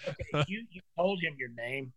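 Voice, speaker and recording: Bright-voiced man swapping road stories. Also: fairly high pitch, normal speed, dry recording. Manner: animated storyteller, reminiscing with old friend. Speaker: podcast guest, musician. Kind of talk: casual chat, storytelling.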